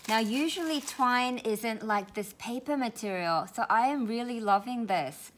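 A woman's voice: on the high side, a little slow, slight background noise. A woman craft vlogger who lives in Australia, opening crafty mail and gushing about it in a casual way, often repeating words for emphasis.

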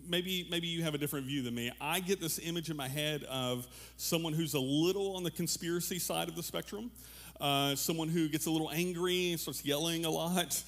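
A pastor giving a relaxed, conversational sermon to his congregation, joking with them and restarting his sentences often. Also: fairly high pitch. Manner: casual, animated, joking, many fillers and restarts. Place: church room with a congregation.

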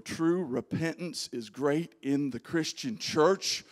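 A male pastor preaching a sermon, dropping to hushed low lines and rising to shouted calls. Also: slow, hardly any pauses.

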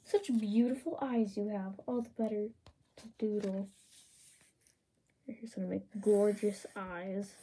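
A woman's voice: mid-range voice, measured pace, long pauses, breathy edge. A woman casually narrating her doodles in a playful, chatty way. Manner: playful, chatty, reads prompts in lively voices. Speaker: art channel creator. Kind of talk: casual drawing commentary.

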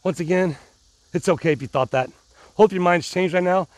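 A man's voice: high voice, a little fast, darkish tone, no room sound. A middle-aged man vlogging casually to his viewers, rambling and restarting, pumped up on adrenaline. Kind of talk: casual vlog talk to viewers.

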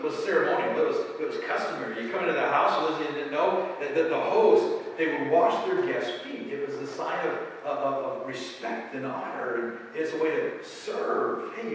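A man preaching a lively sermon to his congregation, joking and acting out voices. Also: fairly high pitch, a little hiss or hum. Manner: animated, joking, acts out quoted voices. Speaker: pastor. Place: church sanctuary. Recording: echoey hall from far off.

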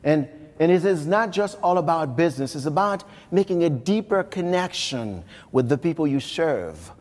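A man's voice: a little high, expressive, normal speed, darkish tone. A man from Haiti, giving a live motivational keynote speech and speaking emphatically, repeating phrases and addressing the crowd directly. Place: large conference hall. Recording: long hall reverb from a conference room.

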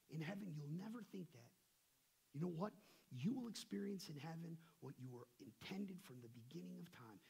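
A man preaching a sermon as pastor. He is emphatic and swings between loud, forceful passages and quiet, confiding ones. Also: fairly high pitch, vocal fry, slightly rough. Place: church sanctuary.

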